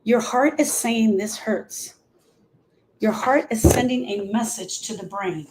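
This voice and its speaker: A woman's voice: fairly high pitch, moderate pace, a little mellow, a little hiss or hum. A woman talking earnestly as a grief coach on a live stream, repeating phrases for emphasis.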